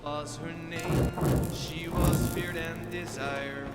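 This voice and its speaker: An actor reading a legend aloud as a solemn game narrator. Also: male voice, a little high, steady tone, slow pace, roomy sound, over loud music.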